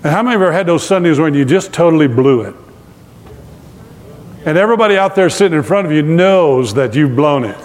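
A man's voice: a little high, expressive, fast. Man preaching in a reverberant hall. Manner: humorous storytelling with audience questions. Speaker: pastor. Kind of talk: sermon. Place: church hall with live congregation.

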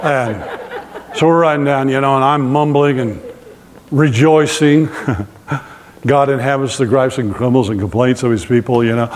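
A man's voice: mid-range voice, fairly even intonation, a little slow, slight background noise. Man preaching in a reverberant hall. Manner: humorous storytelling with audience questions. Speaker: pastor. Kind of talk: sermon. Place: church hall with live congregation.

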